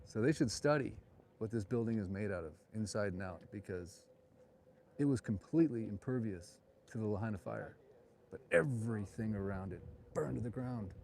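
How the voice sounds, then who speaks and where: A man's voice: lowish voice, animated, normal speed, vocal fry, darkish tone, a little hiss or hum. A middle-aged man hosting a live walking tour at night, chatting and digressing as he goes, recorded on a phone outdoors. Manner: rambling, digressive, chatty asides. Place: outdoors on a town street at night.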